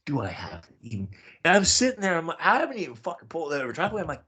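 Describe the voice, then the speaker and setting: A man's voice: big pitch swings, quick pace, sharp tone, breathy edge. A man hosting a podcast, casually telling a personal story with lots of swearing and exasperated, bewildered outbursts. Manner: profane, exasperated, bewildered retelling with sudden high-pitched outbursts. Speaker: podcast host.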